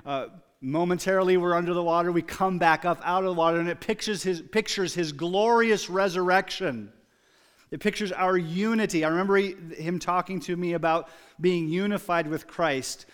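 A man preaching a sermon, moving from quiet, reflective storytelling to loud, emphatic exclamations. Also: fairly high pitch, clean tone. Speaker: pastor.

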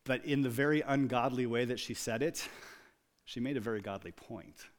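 A man preaching a sermon, moving from quiet, reflective storytelling to loud, emphatic exclamations. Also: mid-range voice, normal speed. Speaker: pastor.

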